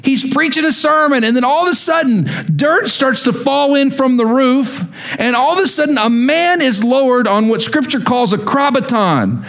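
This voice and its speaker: Male pastor, high tenor, animated sermon storytelling. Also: moderate pace, gravelly. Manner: animated storytelling with acted-out quotes.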